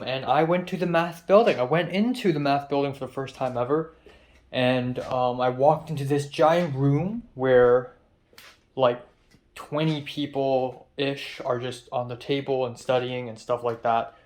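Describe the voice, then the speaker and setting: A man's voice: medium pitch, a little mellow. A young man talking casually to the camera in a diary-style vlog, rambling and off-hand, with lots of fillers. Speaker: vlogger.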